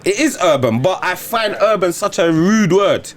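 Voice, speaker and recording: A man with a London accent co-hosting a podcast, talking in casual, animated banter. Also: moderate pace, a little hiss or hum. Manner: animated, swings from low mutter to shouting laughter. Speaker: podcast co-host.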